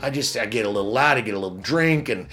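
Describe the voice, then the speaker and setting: A man voicing a loud, brash gambler who turns sheepish and pleading. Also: fairly low pitch, lively intonation, quick pace. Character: loud, brash male gambler, tall and rowdy.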